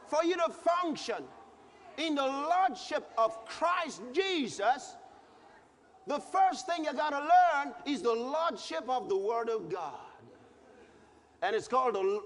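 A man preaching a sermon as a pastor, fervent and emphatic, repeating phrases and rising to shouted peaks. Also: extremely high pitch. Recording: long hall reverb, faint background noise.

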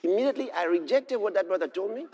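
High, lively male preacher. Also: quick pace, a little hiss or hum. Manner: animated storytelling, swings from hushed to shouted exclamations. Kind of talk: sermon.

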